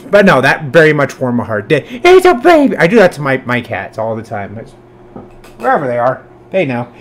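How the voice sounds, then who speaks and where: Big pitch swings mark this man's reaction video commentary, delivered at a moderate pace. Casual and profane, he alternates between loud bursts and quiet mutters, now and then cooing baby talk at his cat.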